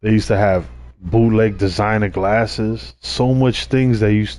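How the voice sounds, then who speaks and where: Young New guy, slightly low voice, casual slang-heavy storyteller. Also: a little slow, no echo. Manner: laid-back street slang, swearing, animated when quoting others. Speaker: streamer.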